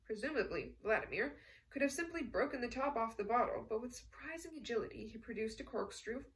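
Woman narrating a novel, a bit high. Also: lively intonation, fairly quick, far from the mic, poor audio. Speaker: audiobook narrator. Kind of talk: scripted narration.

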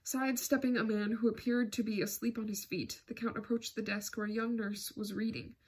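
Brief: woman audiobook narrator, husky, steady literary reading. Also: a little high, brisk. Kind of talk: scripted narration.

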